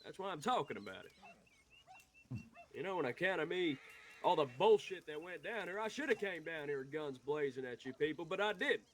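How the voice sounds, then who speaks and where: Guy playing a touchy young outlaw, kinda high voice, rambling and cussing, faint hiss. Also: expressive, moderate pace, lightly acted. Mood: heated. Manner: rambling, heated, swearing, restarting words. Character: hot-headed young Western outlaw, defensive and rough. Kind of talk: Western role-play.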